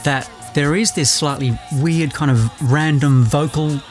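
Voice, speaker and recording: A man's voice: a little high, unhurried, soft background music. Chatty British man telling a story. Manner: chatty storyteller, laughs at himself. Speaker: podcast co-host. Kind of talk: casual music chat.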